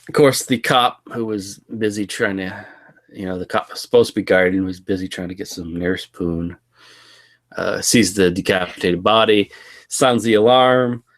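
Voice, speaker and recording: A man co-hosting a casual podcast, recounting a movie's plot in a relaxed way with frequent laughs. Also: on the low side, normal speed. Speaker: podcast co-host. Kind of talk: casual movie commentary chat.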